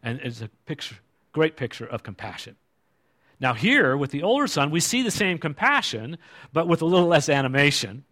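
A man's voice: on the high side, very animated, moderate pace, pushed and bright. A male preacher giving a conversational sermon and asking the congregation rhetorical questions.

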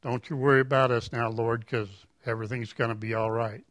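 A man's voice: medium pitch, flat delivery, a little fast, a bit bright, dry recording, lightly acted. A man reading as a humble old farmer praying. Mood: earnest. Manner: folksy, plain-spoken, reading aloud.

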